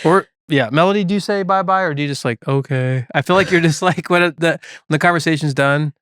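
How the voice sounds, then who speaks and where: A man's voice: a little high, quick pace, fairly bright tone, dry recording, clean studio sound. A man co-hosting a casual podcast, a parent who jokes and tells playful stories. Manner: joking, playful storyteller. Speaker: podcast co-host. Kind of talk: casual chat.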